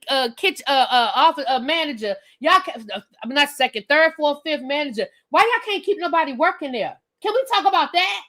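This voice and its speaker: A woman ranting through a live reality-TV review, talking blunt and sassy straight to her viewers. Her voice sits high and rings bright. She speaks into a webcam. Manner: animated, blunt and sassy, addresses viewers directly. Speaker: reviewer and channel host.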